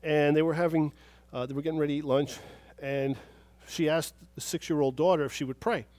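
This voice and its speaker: A man preaching a sermon as pastor, telling stories and moving from soft, hushed moments to loud, emphatic praise. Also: on the high side, fairly even intonation, a little fast, no echo.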